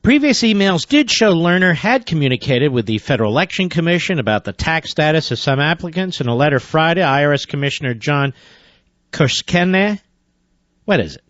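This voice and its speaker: A man's voice: fairly high pitch, expressive, fairly quick, a bit bright, no echo, lo-fi sound. A man hosting a talk radio show, reading news items aloud and breaking into sarcastic, indignant commentary.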